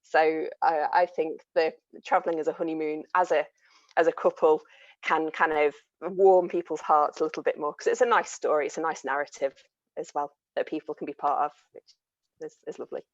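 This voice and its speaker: A woman's voice: deep voice, steady tone, brisk, dry recording, dull audio. A woman on an online panel, telling a travel story in a chatty way with frequent laughs, heard through a video call.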